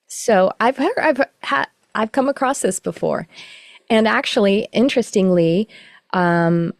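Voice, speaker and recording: A middle-aged woman teaching a live online class, explaining in a relaxed, rambling way with self-corrections. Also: mid-range voice, a little slow, no echo, clean studio sound. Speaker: course teacher. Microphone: video call.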